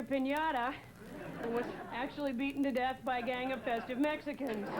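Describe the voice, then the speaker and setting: A young woman from New England doing a deadpan stand-up set, hesitating with many "uh"s. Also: high-pitched. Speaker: stand-up comedian. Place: TV studio stage before a live audience. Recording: loud audience laughter and noise.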